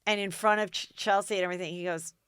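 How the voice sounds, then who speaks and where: Bright, animated American woman telling stories. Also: mid-range voice, quick pace, smooth, no room sound, studio quality. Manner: animated, dramatic retelling with quoted voices. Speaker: podcast host. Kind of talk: casual storytelling chat.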